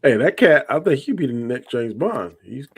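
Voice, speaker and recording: A man with a middle-pitched voice joins a casual podcast chat. He talks in folksy slang and drags out his punchlines for emphasis. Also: big pitch swings, moderate pace, husky, no echo. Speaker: podcast co-host.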